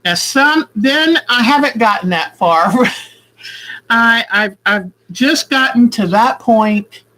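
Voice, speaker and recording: A woman's voice: on the high side, expressive, takes it slowly, pushed and bright, rough recording. A woman at home showing her quilting work in a casual, rambling way, thinking aloud as she goes. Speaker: quilting vlogger. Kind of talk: casual craft demonstration.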